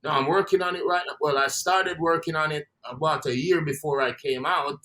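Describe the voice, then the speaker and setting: A man's voice: a little high, fairly even intonation, a little fast, sharp tone. A man with a Jamaican accent, a guest in a casual interview, talking in a laid-back way and trailing off between phrases.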